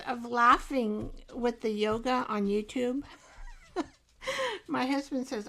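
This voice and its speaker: A woman's voice: on the high side, slow, vocal fry, pauses often, sharp tone. A woman hosting a live art show, chatting casually and rambling with viewers while she paints, often breaking into laughter. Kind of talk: casual live craft demo chat.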